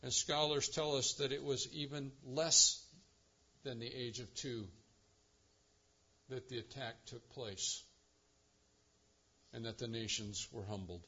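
A man's voice: mid-range voice, steady tone, takes it slowly, pauses often, sharp tone, husky, dull audio. A man preaching a sermon as pastor, building to impassioned, rising delivery.

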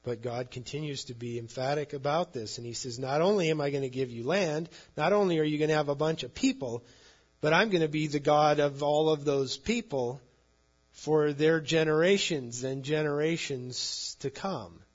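A man's voice: a little high, moderate pace, muffled recording. A man preaching a sermon, reading scripture and retelling it in plain conversational words. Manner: conversational, paraphrases scripture in everyday speech. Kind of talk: sermon, Bible teaching.

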